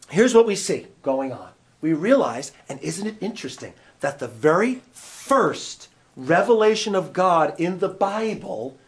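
Animated male preacher teaching. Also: on the high side. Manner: animated, conversational, asks the audience questions. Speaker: pastor teaching a Bible class. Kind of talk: teaching sermon.

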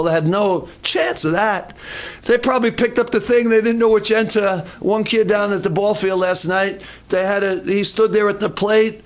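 An older man preaching a sermon, telling a story with animated, acted-out voices. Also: sits high. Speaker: pastor.

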